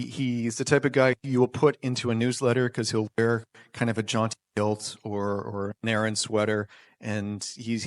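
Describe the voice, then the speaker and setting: A man's voice: mid-range voice, no room sound. Wry male storyteller, dry sound. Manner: wry, self-deprecating, with nervous restarts. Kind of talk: live personal storytelling. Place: small performance venue.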